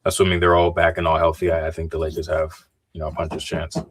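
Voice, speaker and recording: A man's voice: very deep voice, monotone, fast, a little hiss or hum. A man co-hosting a casual sports podcast, analytical, often restarting sentences and correcting himself politely. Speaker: podcast co-host.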